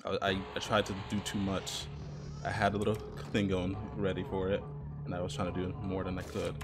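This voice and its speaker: A man hosting a gaming channel, commenting to himself as he plays a horror game, muttering at times and breaking into loud excited cheers and laughter. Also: low-pitched, brisk, background noise. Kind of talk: live commentary while playing a horror game. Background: faint game music.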